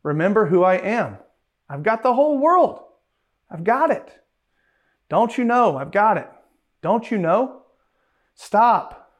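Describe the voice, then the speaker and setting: A man's voice: high-pitched, sing-song, slow, long pauses, highs cut off, pitched above the performer's own voice, heavily acted. A man preaching, voicing God as a commanding yet reassuring father who repeats short, urgent commands.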